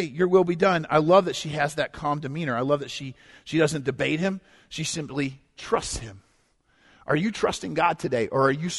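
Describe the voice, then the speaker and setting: Male pastor, sermon, high pitch, hushed-to-emphatic delivery, long hall reverb. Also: vocal fry, slightly rough. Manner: swings from hushed to loud and emphatic, acts out quotes. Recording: long echo of a large hall.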